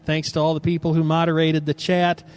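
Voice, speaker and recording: A man hosts a late-night live stream and makes jokes to his audience. His voice sits a little high. He sounds tired. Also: monotone, a little fast, a little mellow, clean tone. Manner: jokey, addresses the audience. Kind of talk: casual live-stream chat.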